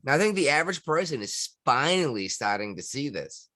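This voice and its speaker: A man co-hosting a podcast in loose, joking banter, often breaking into laughter. His pitch swings widely and his voice is bright and forward. The sound is dry and close. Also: sing-song, brisk, no echo. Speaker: podcast co-host. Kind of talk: casual banter.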